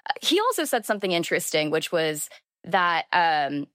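A woman's voice: on the low side, very animated, normal speed, a bit bright, no room sound, clean studio sound. A young woman in her twenties, a journalist guest, chatting freely with many fillers and "like"s. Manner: chatty, lots of filler words and "like". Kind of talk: conversational interview.

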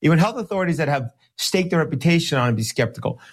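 A man, a lawyer and guest, talking emphatically in an interview, slowing down to stress his points, sometimes sarcastic. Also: on the high side, animated, slightly rough. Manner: sarcastic at times. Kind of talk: podcast interview talk.

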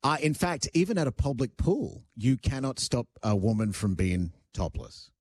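A man's voice: medium pitch, big pitch swings, moderate pace, a little mellow, breathy edge, dry recording, clean studio sound. Emphatic male radio host. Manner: emphatic, argumentative, self-joking. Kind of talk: radio talk show banter.

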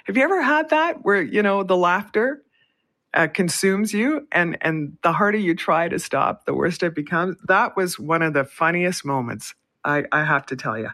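A woman's voice: lowish voice, expressive, moderate pace, a bit bright. A woman radio host from Canada, chatty, telling a story and laughing often between phrases. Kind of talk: storytelling on a call-in radio show.

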